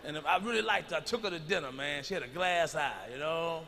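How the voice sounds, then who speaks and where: A middle-aged man performing a stand-up comedy routine, telling stories loudly and with plenty of profanity. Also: fairly high pitch, quick pace, creaky, a little hiss or hum. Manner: loud, profane storytelling. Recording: live arena recording with long reverb.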